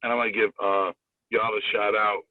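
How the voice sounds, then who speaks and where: A man's voice: lowish voice, little pitch movement, a little fast. A man calling in as a guest comedian, chatting casually in a slangy, rambling way and repeating himself. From Springfield, Massachusetts. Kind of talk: casual chat. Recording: tinny dry phone line.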